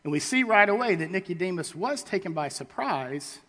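A man preaching a sermon, reading scripture and acting out the people in it with halting, everyday paraphrases. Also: sits high, lively intonation, pushed and bright. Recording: long hall reverb.

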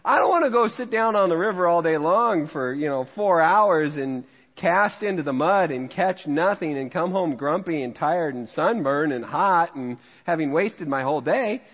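A fairly high-voiced pastor from Missouri, preaching in a casual, joking way and poking fun at himself. His voice rings with a long reverb through the church, and the recording sounds muffled and dull. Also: lively intonation, moderate pace, hardly any pauses. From Missouri, USA. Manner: jokey, conversational, laughs at himself. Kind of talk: sermon with humorous storytelling. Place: church sanctuary.

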